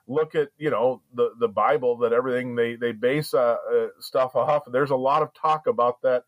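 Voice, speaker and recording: A man chats as a podcast guest at a middle pitch, rambling through his thoughts with plenty of fillers and restarts. The sound is dry and close. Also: steady tone, normal speed, no echo. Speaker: guest comedian. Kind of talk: casual podcast interview.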